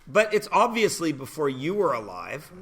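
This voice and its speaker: A man's voice: fairly high pitch, very animated, normal speed, fairly bright tone. A man in his forties teaching a math class in a classroom, chatty and joking with his students. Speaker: high school math teacher. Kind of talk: classroom lecture.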